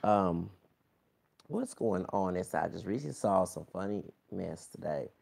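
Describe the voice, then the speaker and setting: A man's voice: deep voice, lively intonation, measured pace, gravelly, a little mellow, husky. A man in his thirties giving a casual, rambling gossip commentary to his viewers, full of exclamations and asides. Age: 30s. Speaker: vlogger.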